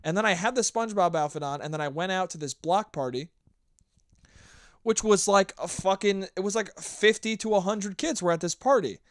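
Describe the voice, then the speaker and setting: A man's voice: high voice, moderate pace, no room sound, studio quality. A man hosting his own podcast, telling rambling, profane stories in a casual solo chat. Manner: profane, rambling, animated storytelling. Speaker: podcast host.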